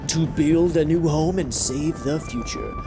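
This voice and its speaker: A man's voice: fairly high pitch, unhurried, over music. A male gaming channel host chatting casually and reading game text aloud.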